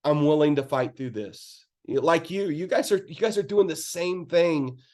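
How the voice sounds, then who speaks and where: A man with a slightly high voice tells a candid, earnest story of his early business struggles. He talks casually, with fillers and quick acted-out quotes, as if speaking to his team over a call. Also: a little mellow. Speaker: network marketing speaker.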